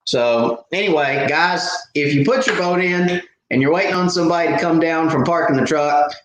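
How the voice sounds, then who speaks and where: In a very echoey room with a little hiss or hum, a fishing channel host hosts a live Q&A stream. His voice is fairly high and bright at a moderate pace, and he rambles through casual stories with lots of fillers and restarts.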